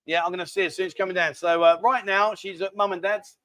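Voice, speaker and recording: A man's voice: sits high, steady tone, fast, sharp tone, no room sound. A man hosting a live stream, rambling and bantering casually as he reads out viewer comments. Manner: rambling, chatty, cheeky banter. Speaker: livestream host.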